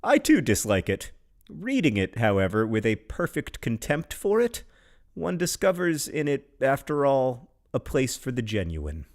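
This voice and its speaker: A man co-hosting a podcast, reading poems in a slow, measured way and chatting in quick asides with plenty of fillers. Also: medium pitch, huge pitch swings. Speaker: podcast co-host. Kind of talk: reading poems aloud and casual chat.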